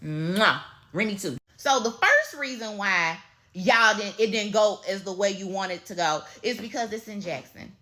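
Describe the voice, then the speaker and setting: A woman's voice: medium pitch, moderate pace. A woman with a Mississippi Southern accent giving a blunt, profane, casual rant to her viewers. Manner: blunt, profane, lively storytelling. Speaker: social media commentator.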